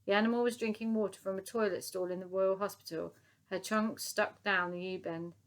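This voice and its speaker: A woman narrating a children's novel as an audiobook, telling it in a lively, expressive way. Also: mid-range voice, brisk.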